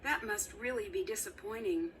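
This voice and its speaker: A woman's voice: medium pitch, normal speed, close to an everyday voice. A woman voicing an eager young female detective in a mystery game, polite and earnest, captured as game audio from a distance with faint noise. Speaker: game character.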